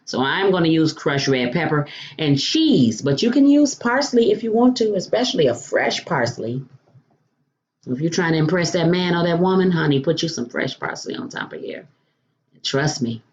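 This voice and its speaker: A woman's voice: deep voice, darkish tone, dull audio. A woman hosting a home cooking demonstration, chatty and playful, calling viewers honey and baby. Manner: playful food exclamations. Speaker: cooking show host.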